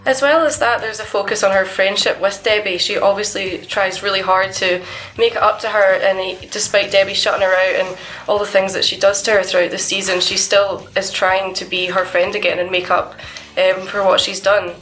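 A woman talking in a measured way as a guest in a casual TV review chat. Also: mid-range voice, little pitch movement, a bit bright, low-quality recording. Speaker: podcast guest.

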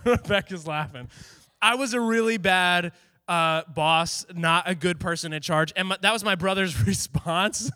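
A man preaching in a casual, story-driven way, animated and slipping into the voices of the people he quotes. His voice sits high and sounds bright and forceful. The recording is close and dry. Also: measured pace, clear, resonant tone, dry recording.

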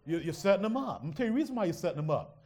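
A male pastor preaching a sermon, swinging from hushed asides to loud shouts and teasing his congregation. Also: high voice, sing-song, racing.

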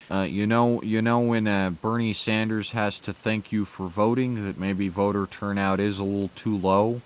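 A man's voice: fairly low pitch, fairly even intonation, normal speed, hardly any pauses. A man giving casual, sarcastic commentary with lots of hesitant fillers and some swearing.

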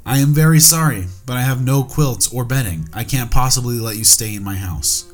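A man's voice: medium pitch, brisk, lightly acted. A man voicing a frightened poor farmer in a ghost story he reads aloud, his voice raised in alarm.

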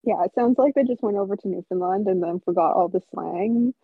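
A woman's voice: medium pitch, a little fast, husky, dry recording, phone-quality sound. A woman co-hosting a casual podcast, wry and joking. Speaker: podcast co-host. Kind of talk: casual chat.

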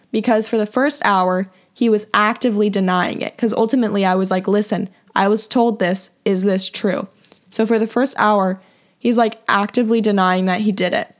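A young woman hosting a podcast, telling a personal story in a casual, confessional way, filling her talk with "like" and acting out what others said. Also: medium pitch. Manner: chatty, heavy use of "like", acts out quoted voices. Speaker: podcast host.

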